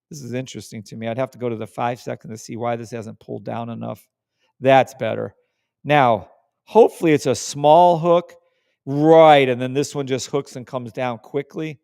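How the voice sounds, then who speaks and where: A man's voice: medium pitch, vocal fry, darkish tone, no echo, studio quality. A man hosting a live trading stream, talking casually and emphatically, repeating words for stress and swearing when riled. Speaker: trading livestream host.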